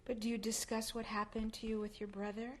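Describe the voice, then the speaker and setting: A woman interviewer asks calm, measured questions in a fairly high voice. Her pitch barely moves, keeping her delivery level and even.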